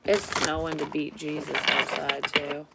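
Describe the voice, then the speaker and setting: A woman, a psychic reader telling a story in a casual tarot vlog, candid and quick to swear. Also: sits low, level tone, vocal fry, heavy background noise.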